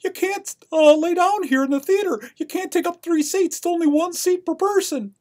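A man doing a shrill fussy theater usher. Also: moderate pace, a little mellow. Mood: scolding. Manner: shrill, insistent.

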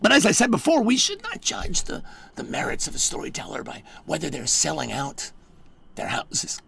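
A man performing a live one-man storytelling show, halting and full of restarts, often dropping into hushed murmurs. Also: fairly high pitch, wildly swooping pitch, creaky, husky.

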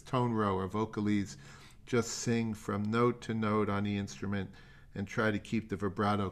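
Older man, music teacher, masterclass feedback, rambling, halting, joking at himself, video call. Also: lowish voice, a bit bright. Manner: rambling, halting, self-deprecating humor.

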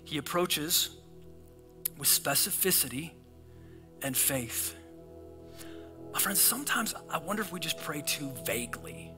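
A male pastor preaching a sermon in a church auditorium, animated and acting out the voices of the people in his stories. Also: a little high, a little slow, pauses often, over music. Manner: animated, acts out voices in scripture and prayers.

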